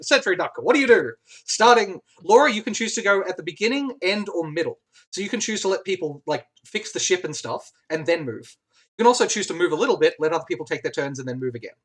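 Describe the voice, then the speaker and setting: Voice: mid-range voice, fairly bright tone. A game master running a tabletop game, rambling with many restarts and laughter.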